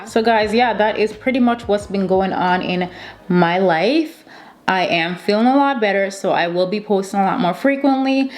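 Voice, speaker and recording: A woman's voice: medium pitch, normal speed. A woman in her thirties chatting casually to camera as a beauty vlogger, telling a story with lots of repeated emphasis. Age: 30s.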